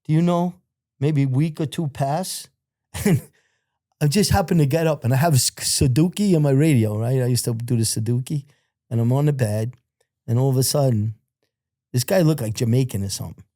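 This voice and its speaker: A middle-aged man, a podcast guest, tells prison stories in casual fashion, his medium-pitched voice moving at a normal speed. He swears a lot, rambles, leans on the same filler phrases again and again, and acts out the shouted lines of other people. The recording is dry and studio-clean.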